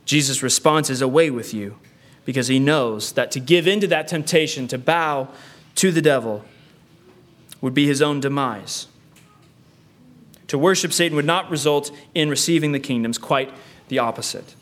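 Brief: male pastor mid-sermon, earnest, repeats key lines, asks rhetorical questions, fairly high pitch. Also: normal speed, fairly bright tone.

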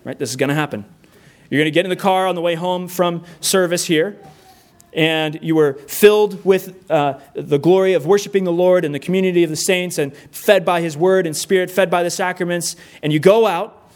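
Earnest middle-aged man preaching, higher voice. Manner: earnest, plainspoken preaching with rhetorical questions. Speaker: pastor. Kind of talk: sermon.

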